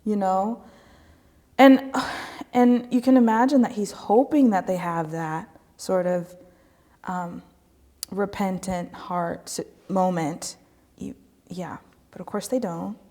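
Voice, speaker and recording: Casting: mid-pitched woman, chatty church member, animated, casual fillers. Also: takes it slowly. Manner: animated and chatty, with many "like" and "you know". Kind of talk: casual midweek conversation.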